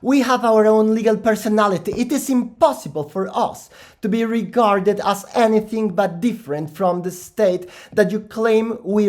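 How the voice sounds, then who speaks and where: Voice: mid-range voice, voice pushed up, close to an everyday voice. A game master voicing a haughty male gnome who protests in legal jargon.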